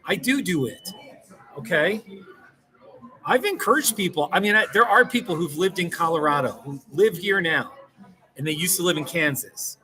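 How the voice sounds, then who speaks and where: A man's voice: sits high, lively intonation, normal speed, pushed and bright, poor audio. A man talking to the camera in a casual vlog, rambling and self-mocking and laughing often, outdoors in a small mountain town. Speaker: vlogger.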